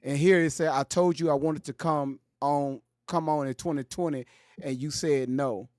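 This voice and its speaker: Black guy hosting a live, keeps pressing with questions, kinda high voice. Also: steady tone, moderate pace, a little mellow, no room sound, clean studio sound. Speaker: livestream host. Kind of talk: livestream talk.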